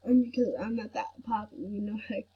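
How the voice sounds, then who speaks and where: A sick woman with a headache chatting to camera in a soft, rambling way with many fillers. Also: medium pitch, steady tone, fairly quick, husky. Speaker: vlogger. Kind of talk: casual chat to camera. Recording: dull lo-fi recording.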